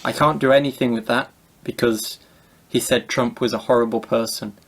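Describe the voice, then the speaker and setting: A man's voice: medium pitch, fairly even intonation, normal speed. A man co-hosting a casual conversational debunking, chatty and joking as he backs up his partner. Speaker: co-host.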